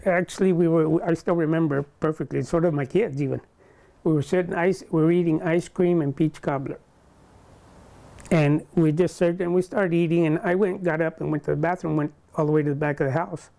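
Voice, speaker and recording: An older man being interviewed, recounting a personal story in a halting way, full of restarts. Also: fairly high pitch, steady tone, creaky, mellow. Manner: halting, with many restarts and quoted dialogue.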